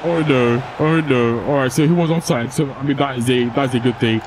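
Against a noisy background, a young man with a medium-pitched voice talks fairly quickly and in a steady tone as he plays a football video game for YouTube. His commentary is casual and full of swearing, with rants whenever the game frustrates him.

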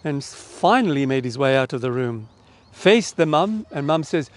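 A middle-aged Australian man telling a children's story in an online church service, with lively, animated delivery and direct questions to the listeners. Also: mid-range voice, moderate pace.

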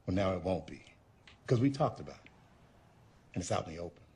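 An actor playing an awkward, gentle father who speaks in a soft, apologetic, halting way. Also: low voice, sing-song, slight background noise. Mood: earnest. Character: awkward, gentle middle-aged father, overly earnest. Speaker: father in a horror film.

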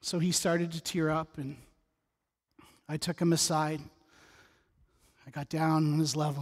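A man's voice: on the high side, flat delivery, a little slow, long pauses. A middle-aged man preaching a sermon as pastor, mixing scripture reading with humorous asides and a personal story in a conversational way. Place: church sanctuary. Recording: church sanctuary with long reverb.

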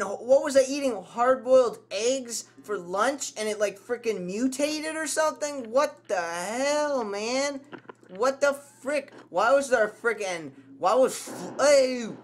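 Guy playing a scary game, cussing a lot, slow drawl, pitch jumping all over. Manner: swearing, yelping and shrieking at jump scares. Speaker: gameplay commentator. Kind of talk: horror game commentary.

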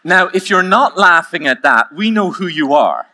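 A man giving a conference keynote, telling stories with emphatic, slowly repeated phrases. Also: high voice, expressive, pushed and bright. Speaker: keynote speaker.

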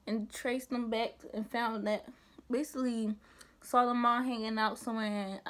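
Animated young woman, higher voice. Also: moderate pace. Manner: animated, emphatic, rhetorical asides. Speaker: vlogger. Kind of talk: casual commentary chat.

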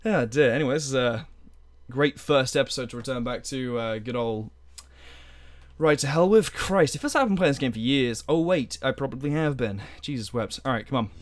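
A man's voice: mid-range voice, fairly quick. A young man giving sweary, sarcastic commentary while playing a game as a let's play host. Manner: sweary, sarcastic, exasperated outbursts. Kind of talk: gameplay commentary.

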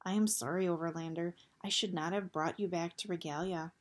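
A woman's voice: fairly low pitch, fairly even intonation, a little fast, close to an everyday voice. A woman voicing a grave, guilt-ridden male bat warrior who speaks formally and stiffly, without contractions.

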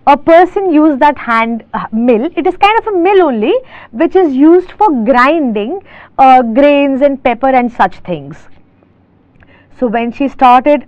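A woman teacher from India reading a story aloud and stopping to explain each word, restating things slowly with fillers, on a dull, lo-fi recording. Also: high-pitched, no room sound.

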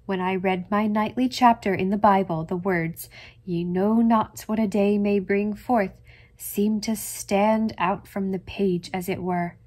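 A woman voicing a fussy, gloomy elderly aunt who lowers her voice creepily in an audiobook reading. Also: fairly even intonation, a little slow, a little mellow, lightly acted. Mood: ominous.

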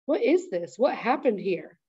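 A woman reading aloud, voicing a confused, sharp-tongued old grandmother who demands answers. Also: mid-range voice, very animated, unhurried, slightly rough, lo-fi sound. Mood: alarmed. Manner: indignant, demanding questions.

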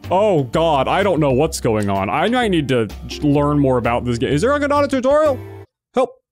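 Casting: a bouncy, easily excited gamer guy thinking out loud as he fumbles through a game, with faint game music underneath. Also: on the high side, moderate pace. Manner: excitable, confused, talks to himself while playing. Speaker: gaming video host. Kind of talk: casual let's-play commentary.

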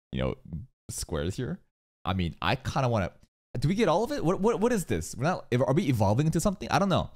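A young man doing casual anime reaction commentary, excitable and swearing often as he talks to the screen. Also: mid-range voice.

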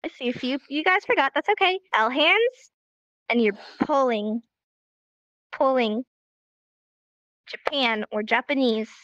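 A woman's voice: high voice, expressive, unhurried, long pauses, fairly bright tone, no room sound. A woman teaching a live online sign language class in an upbeat, encouraging way, recorded as dull lo-fi stream audio.

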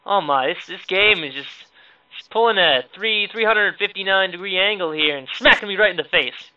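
A man's voice: sits high, a little fast, bright, forceful tone, no echo, highs cut off. A man giving casual, sarcastic let's-play commentary, exclaiming and joking at the game as he plays. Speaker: gaming video creator.

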